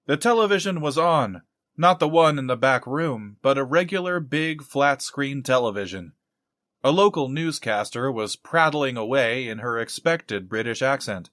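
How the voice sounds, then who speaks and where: A man reading a novel aloud as narrator in a measured storytelling manner. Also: mid-range voice, animated, a bit bright, no room sound, studio quality. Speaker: audiobook narrator. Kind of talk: audiobook narration.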